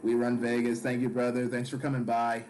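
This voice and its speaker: A man's voice: medium pitch, monotone, a little fast, a little mellow, a little hiss or hum. A man hosting a live stream, chatting casually about casino business and greeting viewers in the chat.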